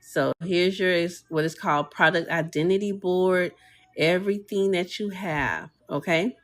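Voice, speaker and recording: A woman's voice: fairly low pitch, measured pace. A woman hosting a casual live tutorial, chatting with viewers and reading their comments aloud, with easy fillers and laughter. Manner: chatty, talks to viewers and reads chat aloud. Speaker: live stream host demonstrating a design tool. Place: home desk, streaming live.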